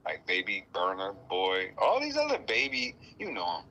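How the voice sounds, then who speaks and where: A man giving a casual spiritual talk, playful and animated, often acting out other people's voices. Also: sits low, normal speed, dull audio, faint music behind. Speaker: guest speaker.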